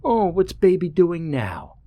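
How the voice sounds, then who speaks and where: A man's voice: high-pitched, wildly swooping pitch, takes it slowly, dark tone, voice pushed up, heavily acted. Man doing a sneering schoolboy bully. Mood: taunting. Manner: sneering, mocking. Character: older schoolboy bully, crude and taunting.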